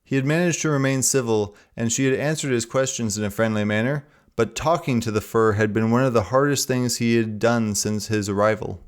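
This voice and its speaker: Clear-voiced man reading a novel. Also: medium pitch, a little fast, hardly any pauses. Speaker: narrator.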